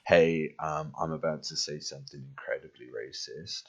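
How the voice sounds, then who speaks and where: A man's voice: very deep voice, steady tone, normal speed. A young male talk show host chatting casually, rambling and frank, swearing freely. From immigrant to Britain. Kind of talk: casual chat.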